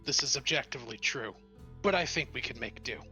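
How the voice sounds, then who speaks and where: A man voicing a calm, logical robot who states things flatly and literally in a tabletop game. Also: medium pitch, a little fast, soft background music. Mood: matter-of-fact. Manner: flat, matter-of-fact statements.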